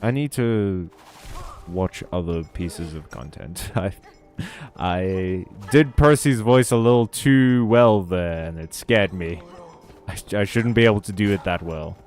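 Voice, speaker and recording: A young man with a lowish voice, chatting casually over a game. He jokes at his own expense, reads chat aloud and swears freely, close to a desk mic. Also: unhurried, a little mellow, soft background music. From South Africa. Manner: joking, self-deprecating, swears freely. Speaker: streamer.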